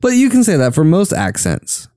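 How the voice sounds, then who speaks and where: A young man from the southern US trades jokes and quick reactions during a casual film watch-along. His voice is mellow and smooth. The sound is dry and close. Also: fairly high pitch, wildly swooping pitch, no echo.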